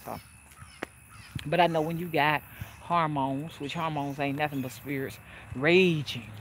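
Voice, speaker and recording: A woman's voice: sits low, steady tone, unhurried, a little hiss or hum. An older woman talking casually and frankly to her viewers as a spiritual advisor, preachy and full of fillers and restarts. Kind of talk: casual livestream talk.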